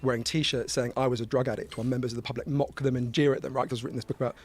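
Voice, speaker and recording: A British man, a journalist, talking casually as a podcast guest, animated and swearing freely as he tells anecdotes. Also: medium pitch, rapid-fire. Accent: British English. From Britain.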